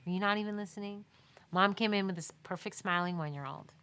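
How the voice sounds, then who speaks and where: A woman's voice: medium pitch, fast talker, bright, forceful tone, clean tone. A woman photographer answering questions in a casual live Q&A, telling stories emphatically and quoting people as she goes. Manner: emphatic, chatty storytelling with laughs and quoted dialogue. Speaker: newborn and baby photographer answering viewer questions.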